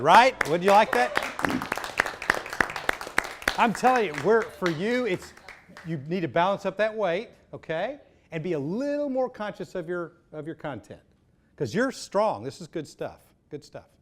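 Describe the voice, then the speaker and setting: Brisk coaching man in an echoey room. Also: high voice, big pitch swings, a faint crowd. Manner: brisk, encouraging, gives direct feedback. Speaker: public speaking coach. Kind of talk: live workshop coaching. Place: seminar room. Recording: echoey room, faint background noise.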